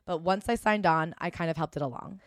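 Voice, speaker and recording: A woman's voice: lowish voice, a little fast, no room sound, clean studio sound. A young adult woman co-hosting a podcast, chatting casually, laughing often and reading book quotes aloud. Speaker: podcast co-host. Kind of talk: casual chat.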